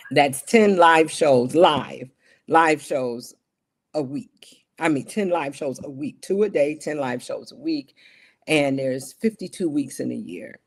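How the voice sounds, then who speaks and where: A woman's voice: low-pitched, vocal fry, darkish tone, husky. A middle-aged woman, a television broadcast journalist, talking in an interview in an earnest, emphatic way that repeats its key points. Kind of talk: interview conversation.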